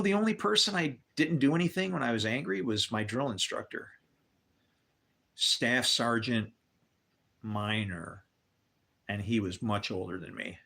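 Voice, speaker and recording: A man's voice: lowish voice, vocal fry, pushed and bright. An older man telling candid personal stories on a livestream, swearing and adding religious asides. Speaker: livestream host. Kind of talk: rambling personal storytelling.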